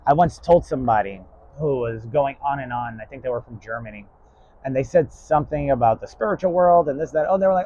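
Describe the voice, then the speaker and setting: A man's voice: mid-range voice, animated, fast, warm tone, no echo, low-quality recording. A man giving a rambling spoken lesson in a stern, blunt and profane way. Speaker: lecturer.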